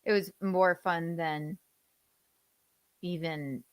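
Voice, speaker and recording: A woman's voice: on the low side, fairly even intonation, extremely slow, no room sound. A woman in her thirties co-hosting a podcast, chatting playfully and breaking into laughter. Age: 30s. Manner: playful, bursts into loud laughter. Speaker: podcast co-host. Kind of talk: casual chat.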